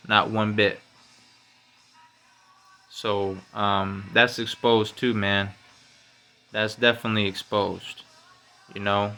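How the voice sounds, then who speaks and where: A man runs a casual solo podcast with a clear, resonant tone, talking in slang and profanity sprinkled with "man" and "you know." Once he's worked up, he goes loud and high.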